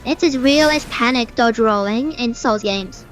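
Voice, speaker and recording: A woman's voice: a little high, a little slow, soft background music. A young woman streamer in casual gameplay commentary, ranting in a chatty way with many fillers. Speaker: gaming streamer.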